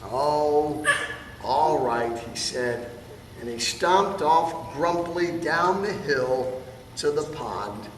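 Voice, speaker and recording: A man's voice: a little high, lively intonation, slow, a bit bright. A man reading a picture book aloud to children in a playful way, pointing out the pictures. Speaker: storybook reader. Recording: distant, echoey hall with room noise.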